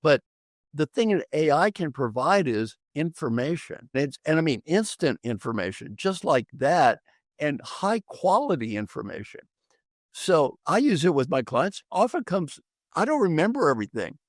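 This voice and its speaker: A man's voice: on the high side, big pitch swings, normal speed, no echo, studio quality. An older man, an executive coach on a podcast, talking emphatically and repeating phrases for effect. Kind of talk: animated conversational storytelling.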